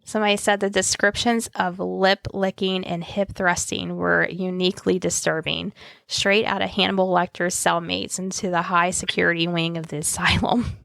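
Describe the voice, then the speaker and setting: A woman's voice: on the low side, little pitch movement, moderate pace, vocal fry, a bit bright, no echo. A woman co-hosting a podcast, reading listener posts aloud and chatting casually. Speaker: podcast co-host.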